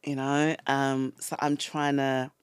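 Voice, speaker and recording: A woman, a podcast guest telling a personal story in a casual, animated way. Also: rumbling low, slow, clear, resonant tone, no echo, studio quality. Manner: animated storyteller acting out quoted lines. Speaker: guest, toy brand founder.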